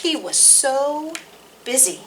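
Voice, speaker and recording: A woman hosting a library storytime, reading rhymes and picture books aloud to toddlers in a sing-song, expressive way. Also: high voice, takes it slowly, background noise. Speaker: children's library storytime host.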